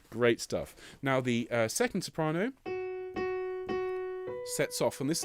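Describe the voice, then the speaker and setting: A man's voice: medium pitch, sing-song, unhurried, long pauses. A man leading a choir rehearsal, patiently explaining phrases and singing lines for his singers. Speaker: choir director. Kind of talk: online choir rehearsal teaching. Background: piano.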